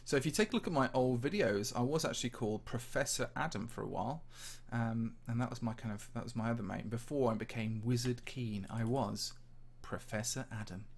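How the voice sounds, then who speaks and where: A man's voice: medium pitch, a little fast, vocal fry, hardly any pauses. Chatty man with a slightly posh English accent. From English Midlands. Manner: chatty and rambling, answers viewer questions. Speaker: Minecraft channel host. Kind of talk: casual livestream chat while touring a game map.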